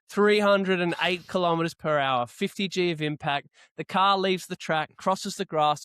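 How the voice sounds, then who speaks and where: A man hosting a casual motorsport podcast, running through the episode in a brisk, wry presenter's manner. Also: a little high, a bit bright, smooth, dry recording, clean studio sound. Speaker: podcast host. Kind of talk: casual chat.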